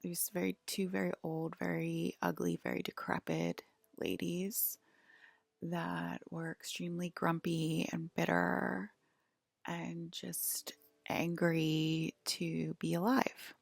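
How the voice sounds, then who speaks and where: A young woman talks to camera in a loose, rambling way, stacking up filler words as she tells a story. Her voice sits low and is heavily gravelly with fry, and the sound is dry and close. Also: little pitch movement, slow, no room sound. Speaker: vlogger.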